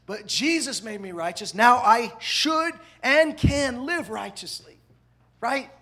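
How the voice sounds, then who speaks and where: A man preaching a sermon, animated, swinging between loud emphatic lines and hushed asides. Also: very high-pitched, takes it slowly. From parents from the American South. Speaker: pastor.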